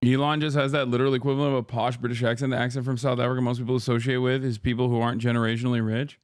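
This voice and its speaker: Man, streamer, casual reaction commentary, profane, blunt, middle pitch, dry sound. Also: flat delivery, racing, clear, resonant tone, no echo.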